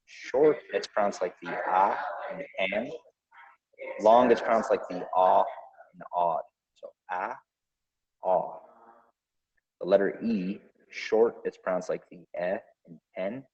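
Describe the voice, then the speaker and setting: Low-voiced man teaching pronunciation. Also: darkish tone. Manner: careful, deliberate, sounds out each example. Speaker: podcast host. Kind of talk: pronunciation lesson. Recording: dull lo-fi recording.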